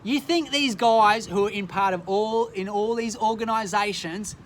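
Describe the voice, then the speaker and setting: A man with an Australian accent, ranting forcefully and profanely into his phone. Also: high-pitched, normal speed, slight background noise, low-quality recording. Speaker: social media vlogger. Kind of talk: impassioned direct-to-camera rant.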